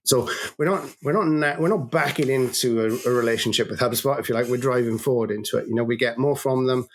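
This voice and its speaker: A man, an agency co-founder, talking as a guest in a business interview with an animated, storytelling manner and frequent restarts. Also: mid-range voice, fast, a little hiss or hum.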